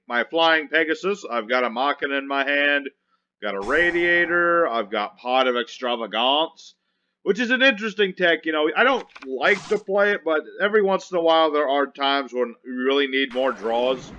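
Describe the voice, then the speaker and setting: A man's voice: a little high, pushed and bright, a little hiss or hum. A man giving casual commentary over his own card game, chatty and wry, grumbling sarcastically at his opponents. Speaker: gameplay commentator.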